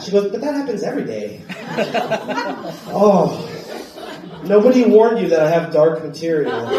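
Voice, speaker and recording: Guy from wyoming doing standup, pretty high voice, big echoey club sound, kinda distant. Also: a little hiss or hum. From Wyoming, USA. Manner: loud, punchy delivery with shouted bursts. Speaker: stand-up comedian. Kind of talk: stand-up comedy set. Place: comedy club stage. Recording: roomy club sound from off-mic. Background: audience laughter.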